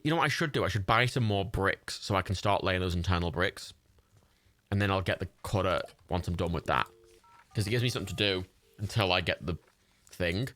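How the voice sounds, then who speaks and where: A man giving sweary, excitable running commentary while livestreaming a game. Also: low voice. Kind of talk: gameplay commentary.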